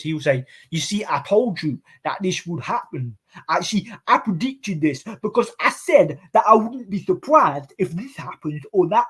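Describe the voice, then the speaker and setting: A man hosting a loose live chat, reading comments and rambling through them with a mocking, joking manner. He laughs often between remarks, and his voice sits at an ordinary middle pitch for a man. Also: darkish tone. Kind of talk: casual chat.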